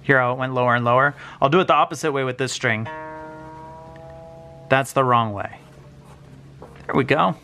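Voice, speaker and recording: A man's voice: mid-range voice, normal speed, pauses often. Man explaining guitar restringing, light music behind. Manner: relaxed, explains step by step, some restarts. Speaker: guitar builder and channel host. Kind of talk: casual hands-on tutorial. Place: home guitar workshop.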